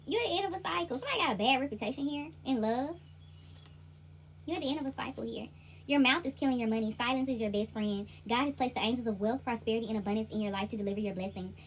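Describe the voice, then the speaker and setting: Young lady doing a casual tarot reading, laughs a lot, high voice that jumps around. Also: a little hiss or hum. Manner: animated, laughs often, slangy. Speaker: intuitive tarot reader.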